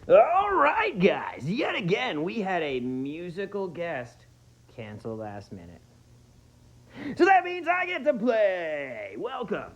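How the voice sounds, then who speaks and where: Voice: mid-range voice, wildly swooping pitch, takes it slowly. A performer playing a goofy, rambling wasteland busker who talks to the audience between jokey songs on a guitar. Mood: hyped. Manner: rambling, self-narrating, jokey. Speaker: in-world musical entertainer. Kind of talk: comedic in-character musical interlude. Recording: echoey room, dull lo-fi sound, loud guitar.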